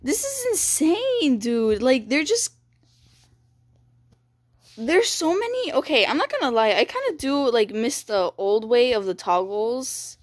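Young female gaming creator: bright high voice that swoops all over, gasps, gushes, dry close sound. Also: unhurried, dry recording. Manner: gushing and excitable, gasping, repeating "dude" and "bro". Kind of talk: excited game walkthrough commentary.

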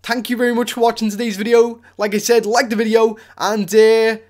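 A woman giving casual gameplay commentary as a YouTuber, excitable and prone to shrieking and laughing. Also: on the high side, fairly quick. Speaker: gaming YouTuber.

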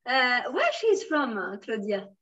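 A Swiss woman with a fairly high voice teaches a beginner French lesson. She switches between English and French, drops in many fillers and praises her students. Her voice sounds a little distant and dull, as if picked up from across a room. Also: big pitch swings, unhurried, fairly bright tone. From Switzerland. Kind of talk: online language class.

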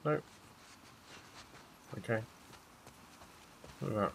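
A man's voice: on the low side, expressive, takes it slowly, vocal fry, pauses often, a little hiss or hum, poor audio. A British man chatting to himself while playing a video game and reading in-game notes aloud. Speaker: gamer streamer. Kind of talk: let's play commentary, reading journal aloud.

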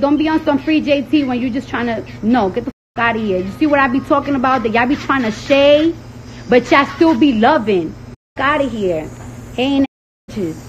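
A woman with a high voice rants to her followers, heated and swearing freely. She repeats words over and over for emphasis. The phone audio sounds a bit dull, with faint noise behind her. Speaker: rapper ranting to followers. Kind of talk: profane casual rant.

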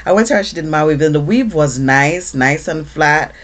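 A woman vlogging casually to camera, chatty and animated, with lots of fillers. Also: deep voice, moderate pace. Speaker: beauty vlogger.

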